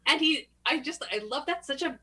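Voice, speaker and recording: A young adult woman co-hosting a podcast, chatting casually and telling lively, profane stories with quoted voices and frequent laughs. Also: sits high, normal speed. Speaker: podcast co-host. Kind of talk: casual chat.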